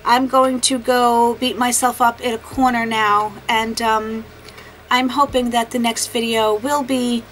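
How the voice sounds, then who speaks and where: A woman's voice: on the high side, fairly even intonation, a little slow, a bit bright, slight background noise, low-quality recording. Chatty self-deprecating woman, beauty vlogger. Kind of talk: casual makeup vlog to camera.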